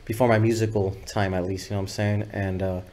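A man's voice: fairly low pitch, flat delivery, fast talker, a little mellow. A man telling a loose, profane story as a podcast guest, often acting out what others said. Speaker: guest videographer. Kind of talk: casual storytelling interview.

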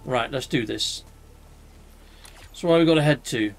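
A British man who hosts a gaming channel, talking through his play in a casual, excitable way and yelping when things go wrong. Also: medium pitch, a little slow, gravelly, a little hiss or hum. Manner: excitable, exclaims and yelps during fights. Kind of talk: casual let's-play commentary.

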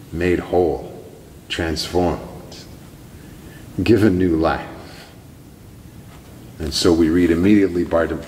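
A man preaching in a church sanctuary, measured and emphatic, with dramatic pauses and stresses. His voice sits at an ordinary middle pitch. It rings with a long, roomy reverb from the hall. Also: darkish tone, a little hiss or hum. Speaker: pastor. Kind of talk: sermon.

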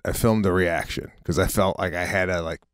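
Male podcast co-host, lowish voice, casual and profane delivery. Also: fairly quick. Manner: loose and profane, calls people bro. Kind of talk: casual podcast chat and ad read.

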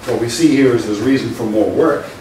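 A male lecturer giving a university lecture, measured and explanatory, stressing his key points. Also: mid-range voice. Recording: very echoey room from a distant mic with faint noise.

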